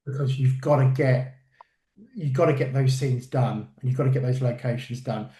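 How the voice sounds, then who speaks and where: A man, a working actor, telling stories in a casual interview, lively and full of fillers and restarts. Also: medium pitch, moderate pace, reverberant. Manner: animated storyteller, acts out quotes, many fillers.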